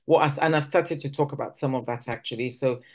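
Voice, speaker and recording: A Nigerian woman with a bass voice and a darkish tone speaks briskly as she gives a conversational teaching talk at church. She frequently restarts her sentences and dramatizes quoted speech.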